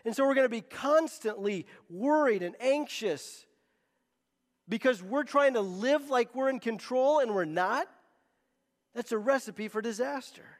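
A man's voice: high voice, big-room sound. A man preaching a sermon as pastor, emphatic and often repeating words as he presses a point.

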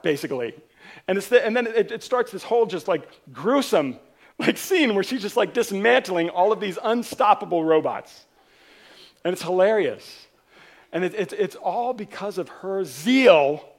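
A man preaching a sermon as pastor, telling a story in an animated way and driving points home with emphatic repetition. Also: high voice.

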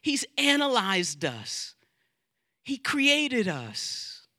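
Bright high-voiced male pastor preaching. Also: extremely slow, no echo, clean studio sound. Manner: animated preaching, voices inner doubts and quotes scripture, repeats words. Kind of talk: sermon. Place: church sanctuary.

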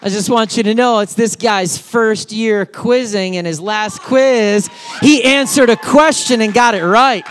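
Man, children's sermon, very high voice, animated and emphatic, speaks right to kids. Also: unhurried, hardly any pauses, a little hiss or hum. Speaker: children's pastor.

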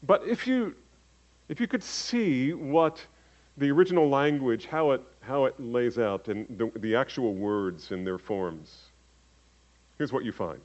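A man's voice: animated, a little slow. Dynamic preaching man, lo-fi recording. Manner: dynamic preaching, swings from loud emphatic calls to hushed low asides. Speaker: pastor. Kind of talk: sermon. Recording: dull lo-fi sermon recording.

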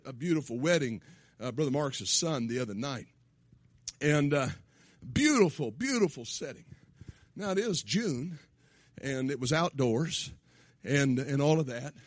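A man preaching a sermon in a church, shouting his points, then dropping to quiet asides. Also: on the high side, sing-song, a little slow, pauses often, dry recording, studio quality. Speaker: pastor. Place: church sanctuary.

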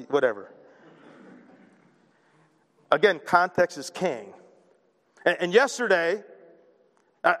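A man preaching a sermon in a conversational, animated way, often repeating words as he starts a thought. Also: high-pitched. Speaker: pastor. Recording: long reverb of a large hall.

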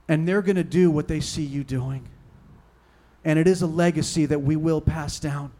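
A man preaching a sermon with passion, moving from hushed talk to shouting and reading scripture with dramatic emphasis. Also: fairly high pitch, steady tone, moderate pace. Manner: impassioned, swinging from hushed to shouting. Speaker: pastor.

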